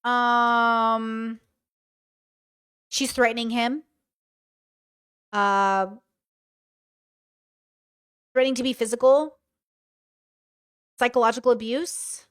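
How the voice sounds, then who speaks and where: A woman's voice: on the high side, steady tone, very slow, pauses often, fairly bright tone, clear, resonant tone, dry recording, studio quality. A woman giving casual reaction commentary, reading messages aloud and passing blunt, slangy judgments.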